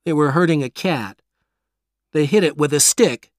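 A man reading a story aloud, voicing an upset young boy whose lines rise high and loud. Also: moderate pace, no room sound, studio quality, natural voice. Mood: earnest.

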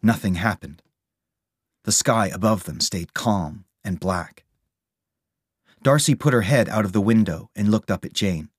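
A man reading a storybook aloud as narrator, steady and measured. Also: fairly low pitch, husky, dry recording, studio quality.

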